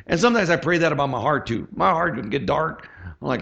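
A gravelly, slightly high-voiced middle-aged man preaching as a pastor, talking to the congregation like a chat and calling for amens. The recording sounds dull and lo-fi. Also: lively intonation, fast talker, fairly bright tone. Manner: chatty, asks the congregation for amens. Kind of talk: conversational sermon.

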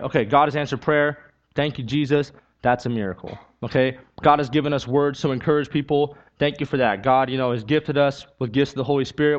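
Preaching a sermon, a man shares a personal testimony in an earnest, conversational way, repeating key lines and building to emphatic peaks. His voice is medium-pitched and the audio sounds dull.

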